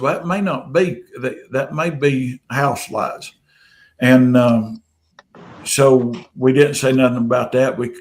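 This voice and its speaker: A man's voice: medium pitch, a little mellow, a little hiss or hum, rough recording. A man with a Southern US accent telling a long story in a casual, rambling, folksy way, with frequent restarts. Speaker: podcast guest telling an encounter story.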